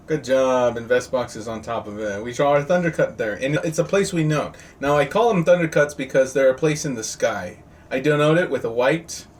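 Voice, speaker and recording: Chatty man teaching over a distant mic. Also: mid-range voice. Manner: chatty, jokey, quizzes the class. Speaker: trading teacher. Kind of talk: live online class teaching. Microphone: video call. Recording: distant mic with faint noise.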